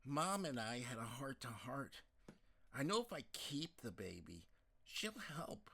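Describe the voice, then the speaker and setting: A man's voice: medium pitch, sing-song, unhurried, gravelly, pushed and bright, husky, heavily acted. A man voicing an earnest young woman in a storybook reading, reasoning through her choice.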